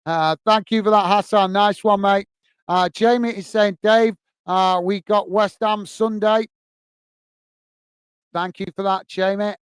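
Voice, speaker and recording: A man's voice: high voice, fairly even intonation, unhurried, smooth, no room sound. A man hosting a football fan live stream, upbeat and full of repeated thanks as he reads out viewer comments. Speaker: host of a football fan channel.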